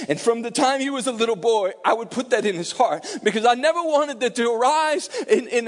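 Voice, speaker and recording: Middle-aged preacher man, pretty high voice, gets teary, goes from loud and fired up to almost whispering, big church echo. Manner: emotional, rising to loud emphatic peaks and dropping to soft near-whispers. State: tearful. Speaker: pastor. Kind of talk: sermon. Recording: long reverb of a large hall.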